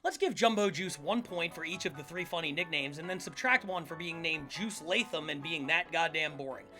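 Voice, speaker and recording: A man's voice: on the high side, brisk, music in the background. A man from the Philadelphia area hosting a scripted comedic history show, full of sarcastic, jokey asides. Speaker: podcast host.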